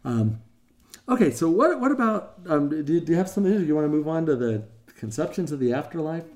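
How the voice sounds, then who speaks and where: An older man teaches a class with a mellow, warm voice. He rambles casually through stories, full of fillers, and slips into quoted voices. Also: a little high, very animated, fairly quick.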